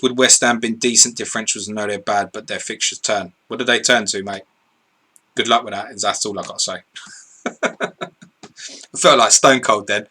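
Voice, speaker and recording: Sweary, bright-voiced bloke. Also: male voice, lowish voice. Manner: blunt, sweary, laughs easily. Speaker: livestream co-host reading viewer questions. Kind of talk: casual live stream chat.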